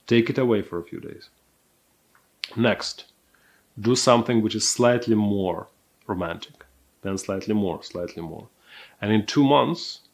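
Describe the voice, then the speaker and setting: A man teaching a recorded dating course, speaking in a calm, deliberate, measured way. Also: on the low side. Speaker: dating coach.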